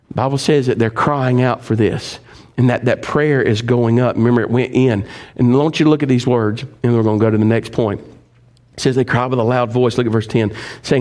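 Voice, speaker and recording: A man preaching a sermon, speaking straight to his congregation with questions, swinging from loud, high emphatic stretches to low, quiet ones. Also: steady tone, fairly quick. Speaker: pastor.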